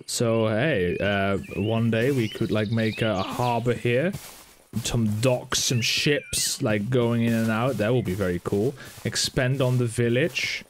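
A man's voice: mid-range voice, takes it slowly, slight background noise. A man giving casual, chatty commentary as he plays, joking with the characters he meets. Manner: chatty, talks to game characters, playful asides. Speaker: gaming YouTuber.

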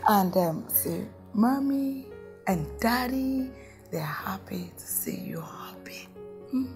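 An actress playing an affectionate, motherly woman who comforts a young woman gently, at times in a whisper, in a film drama. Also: a little high, lively intonation, over music. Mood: tender. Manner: slow, gentle, dropping to whispers.

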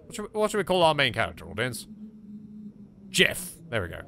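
A man's voice: medium pitch, huge pitch swings, brisk, vocal fry, bright, forceful tone, a little hiss or hum. An Englishman hosting a let's play, chatting casually and joking as he talks to objects in the game and swears now and then. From England. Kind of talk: casual gameplay commentary.

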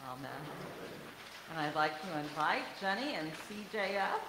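A woman pastor leading worship, speaking in a calm, unhurried way. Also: low voice. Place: church sanctuary. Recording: echoey church with noise.

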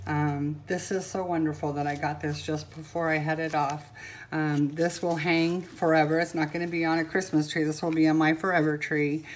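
An older woman filming a casual unboxing vlog at home on her camera, gushing and sentimental, pausing often and filling gaps with "um". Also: deep voice, little pitch movement, slight background noise. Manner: gushing and sentimental, with many pauses and fillers. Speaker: vlogger. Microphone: camera mic.

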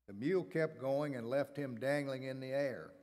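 A man reading a scripture passage aloud during a church worship service, in a measured, steady cadence. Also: mid-range voice. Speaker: scripture reader. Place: church sanctuary. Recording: long church reverb.

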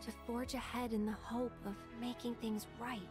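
Woman playing a young game heroine, earnest and rallying, bit high voice, music loud behind. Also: little pitch movement, moderate pace, close to an everyday voice. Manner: earnest, encouraging. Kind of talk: video game dialogue.

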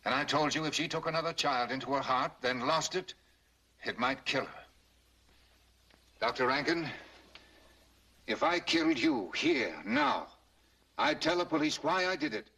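A husband pushed past his limit, speaking low and deliberate. The tone is bright with a rough, husky grain. It sounds like an old film soundtrack. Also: rough recording. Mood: cold, threatening. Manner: quietly intense, pleading then threatening. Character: grieving wealthy husband confronting a baby-selling doctor. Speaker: film actor.

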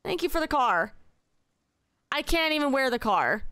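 A young woman streaming a game live, exasperated and swearing as she yells at her chat. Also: high voice, very animated, normal speed.

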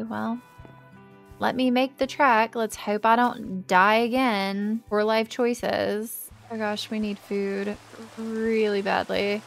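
A woman's voice: mid-range voice, vocal fry. A young woman, hosting a casual gameplay let's play, chatty and easily distracted, exclaiming often. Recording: light background music.

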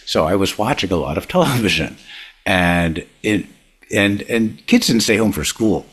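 A man's voice: fairly low pitch, expressive, normal speed, a bit bright, slightly rough. An older man, a comedy writer, telling rambling show-business stories as a podcast guest, laughing often. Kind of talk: casual anecdotal storytelling.

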